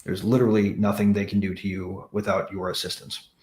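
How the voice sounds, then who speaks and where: A man with a low voice talks bluntly and forcefully, swearing for emphasis. His voice carries a roomy echo, recorded in an echoey room. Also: little pitch movement, brisk. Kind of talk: casual panel chat.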